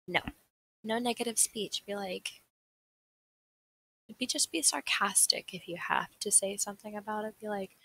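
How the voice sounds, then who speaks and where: A woman's voice: mid-range voice, moderate pace, vocal fry, pauses often, pushed and bright, slight background noise, poor audio. A young woman with a Southern American accent, chatty and rambling as she presents a seminar on a livestream, laughing often. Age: young adult. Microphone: desk mic on a livestream.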